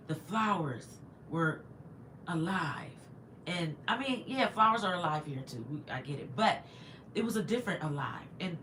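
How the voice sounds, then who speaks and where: A woman's voice: on the low side, fairly bright tone, slight background noise. A woman in her fifties telling a long personal story on a livestream, chatty and digressive, stopping to answer viewer comments. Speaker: livestream host.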